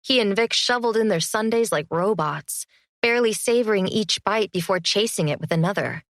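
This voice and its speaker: A woman narrating a first-person fantasy audiobook in an even, measured storytelling manner. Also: mid-range voice, no room sound, studio quality.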